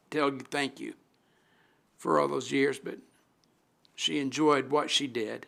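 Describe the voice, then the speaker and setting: This middle-aged city alderman has a medium-pitched, fairly bright voice with vocal fry and a steady tone. Emotional as he pays tribute at a council meeting, he stops and restarts repeatedly into his desk microphone.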